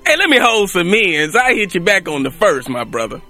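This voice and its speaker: A man's voice: high-pitched, very animated, a little fast, bright, forceful tone, soft background music, pitched above the performer's own voice, exaggerated voice. A man voicing a brash, streetwise tough guy who swaggers through heavy slang.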